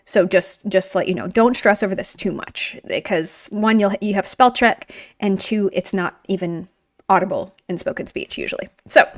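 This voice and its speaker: A woman's voice: medium pitch, moderate pace, dry recording, clean studio sound. A woman teaching a video language lesson in an upbeat, encouraging, chatty way while writing on a board.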